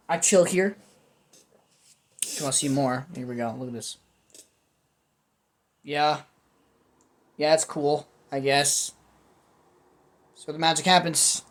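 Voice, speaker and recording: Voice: medium pitch, slight background noise. A young adult vlog host rambling through a casual food video with jokey, self-mocking commentary.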